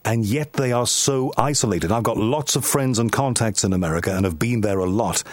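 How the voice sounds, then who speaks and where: A British man presents a radio interview programme in a relaxed, chatty way. His voice sits on the low side and comes through dry and close, with no room sound around it. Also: a little fast, no room sound. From United Kingdom. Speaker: radio show host.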